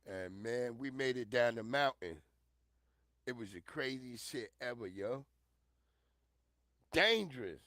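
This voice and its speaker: A man giving loud, profane, animated commentary on a casual livestream. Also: mid-range voice, measured pace, dry recording, clean studio sound. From Northern Virginia. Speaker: streamer commentator.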